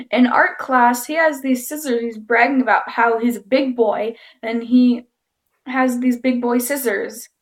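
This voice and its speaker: A woman's voice: a little high, measured pace. A woman vlogger telling a story to camera in a casual, chatty way, often giggling and acting out what people said. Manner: giggly, chatty, animated quoting.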